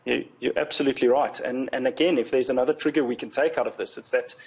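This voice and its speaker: Man, husky explanatory guest. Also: mid-range voice, fairly even intonation, dull audio. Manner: measured, explanatory, frequent word repetitions. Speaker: insurance company executive, guest. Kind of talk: TV news interview.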